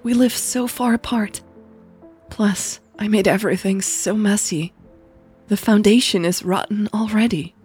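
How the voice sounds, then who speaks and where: A woman's voice: medium pitch, fairly even intonation, unhurried, a little mellow, breathy edge, soft background music, voice pushed up. A woman voicing a weary, lovesick young woman. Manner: tired, sighing, downcast.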